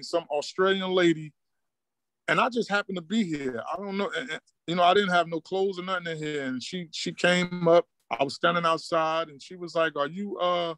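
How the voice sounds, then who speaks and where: A man's voice: on the high side, fairly bright tone, no room sound. Laid-back Newark man telling stories. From Newark, New Jersey. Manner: laid-back street talk, acts out quoted dialogue. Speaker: high school basketball coach, guest. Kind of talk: casual storytelling interview.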